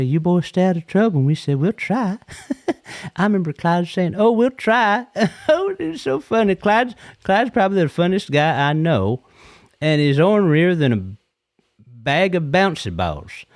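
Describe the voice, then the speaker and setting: A man's voice: medium pitch, darkish tone, no room sound. Folksy guy rambling on a call-in, keeps repeating himself, mid voice, dry sound. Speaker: caller. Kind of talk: rambling comedic anecdote.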